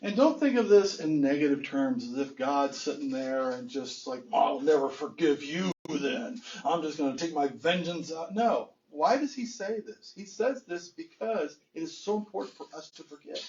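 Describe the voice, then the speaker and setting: Earnest preaching pastor, slightly high voice. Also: male voice, darkish tone, lo-fi sound. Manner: earnest, rhetorical questions, chuckles often. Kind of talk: sermon. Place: church sanctuary.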